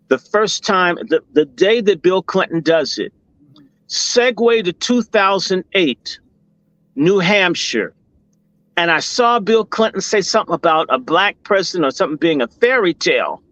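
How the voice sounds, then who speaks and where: A middle-aged man from Washington, D.C. with a high voice, telling a story in a heated, profane way that breaks into loud bursts. The sound is dry and close, with no room around it. The recording is dull and slightly lo-fi. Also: no room sound. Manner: impassioned, profane, swings to loud outbursts. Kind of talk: storytelling in a discussion.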